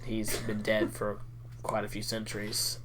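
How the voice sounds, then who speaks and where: A man voicing a sentient male walking stick that speaks slowly and haltingly, proud and mournful about its lost master. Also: fairly low pitch, completely flat delivery, a bit bright, slight background noise. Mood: solemn, wistful.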